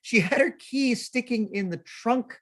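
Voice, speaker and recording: A middle-aged man from Sacramento telling humorous personal stories as a guest speaker at a temple service, with a self-mocking, animated manner. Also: very high-pitched, unhurried. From Sacramento, California. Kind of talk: storytelling talk.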